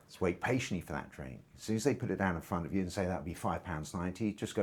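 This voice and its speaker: A man's voice: low-pitched, fast talker, few pauses. A man, a stand-up comedian being interviewed, telling long casual anecdotes and acting out bits of dialogue. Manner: relaxed, rambling anecdotal delivery with acted-out dialogue. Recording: loud guitar music behind the voice.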